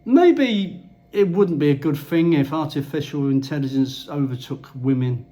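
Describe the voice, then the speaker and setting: A man with a high-pitched voice rants to the camera in a loose, rambling way. He is blunt and swears freely, talking like a casual vlogger in the Philippines. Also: measured pace, mellow.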